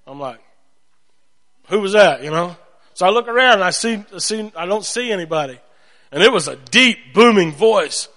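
Animated preacher in a reverberant hall. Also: male voice, sits high. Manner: animated storytelling, acts out voices. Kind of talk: sermon.

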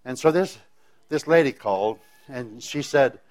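Speaking a little slowly in a slightly mellow, medium-pitched voice, a man relates his personal faith story. His delivery wanders in a folksy way, with sentences often begun again.

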